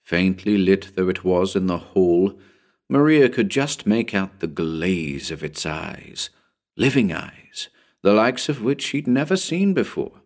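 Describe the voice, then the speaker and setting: A man's voice: low voice, very animated, slow pace, darkish tone. A man narrating a spooky story as an audiobook, building suspense in a dramatic storytelling manner.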